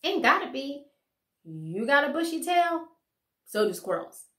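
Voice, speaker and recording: A woman's voice: high-pitched, sing-song, unhurried, fairly bright tone, pitched above the performer's own voice, full character voice. Woman doing a sassy young country girl. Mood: matter-of-fact. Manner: folksy, blunt, matter-of-fact. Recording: echoey room.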